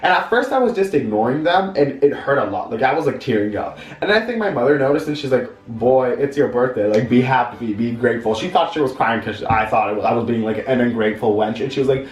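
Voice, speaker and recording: A young man tells a dramatic, campy childhood story for his storytime vlog, talking fast with lively intonation and barely pausing. He swings into high-pitched voices as he goes. The room is echoey, he's far from the mic, and music plays underneath.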